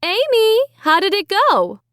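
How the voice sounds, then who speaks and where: A woman's voice: very high-pitched, big pitch swings, moderate pace, fairly bright tone, no room sound, studio quality, pitched above the performer's own voice, exaggerated voice. A woman doing a mom calling out. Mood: concerned. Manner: calling out, questioning. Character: mother calling from the kitchen, concerned.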